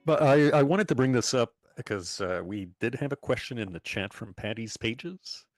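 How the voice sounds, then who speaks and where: A man's voice: mid-range voice, lively intonation, moderate pace, dry recording, soft background music. A man co-hosting a live stream, politely cutting in to read viewer questions. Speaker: co-host reading chat.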